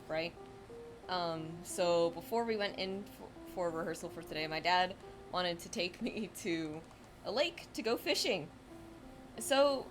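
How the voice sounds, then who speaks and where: Young woman streamer, lowish voice, rambling live-stream chat with faint room hiss behind. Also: fairly bright tone. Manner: rambling, chatty, lots of fillers and self-corrections. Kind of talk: casual storytelling chat.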